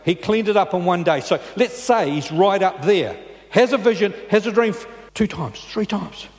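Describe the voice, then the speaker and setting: A man's voice: high voice, expressive, normal speed, darkish tone. A man preaching a sermon in a church, talking in a conversational way and often checking in with his listeners. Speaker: pastor. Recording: long reverb in a large church.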